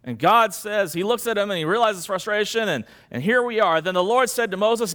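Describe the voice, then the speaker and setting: A man pastor preaching a sermon in an animated, conversational way, posing rhetorical questions to his congregation. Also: high-pitched, brisk, few pauses.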